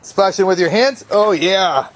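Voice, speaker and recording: Dad behind the camcorder outdoors, high voice, unhurried, coaxing a toddler in baby talk. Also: male voice, a little hiss or hum. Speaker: father filming his toddler. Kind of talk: home video, talking to a small child. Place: outdoors by a puddle near a garage. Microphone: handheld camcorder.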